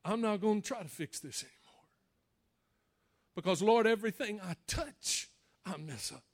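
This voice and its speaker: A preacher voicing a desperate blind beggar. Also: male voice, sits high, lively intonation, normal speed. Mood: desperate plea. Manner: worn-out, pleading.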